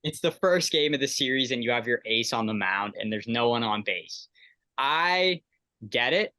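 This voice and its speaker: Bright-voiced guy bantering on a podcast. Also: medium pitch, animated, normal speed, dry recording. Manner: easygoing banter, rambling restarts. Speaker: podcast co-host. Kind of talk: casual sports chat.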